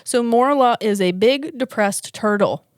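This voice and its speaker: A woman's voice: on the high side, a little slow, no echo, studio quality. A woman co-hosting a podcast, chatting casually and retelling a film plot with lots of laughter. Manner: giggly, animated storyteller who laughs often. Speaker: podcast co-host.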